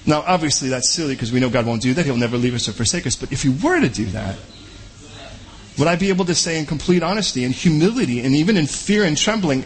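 A man preaching a sermon as pastor, conversational and animated, full of rhetorical questions. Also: on the high side, fast talker.

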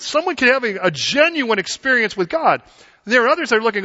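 Male pastor, high bright voice, casual animated sermon, muffled recording with long hall echo. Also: brisk. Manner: animated, conversational preaching with acted-out quotes. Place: church sanctuary. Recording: dull sound with long hall reverb.

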